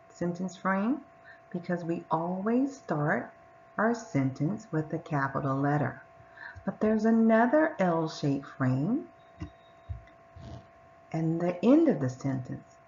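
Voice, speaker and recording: A woman teacher talks young children through a reading lesson, slow and unhurried, her pitch lower than most and swinging lively up and down. She sounds out words and stretches each sentence carefully. The recording is a little dull, with a faint hum underneath.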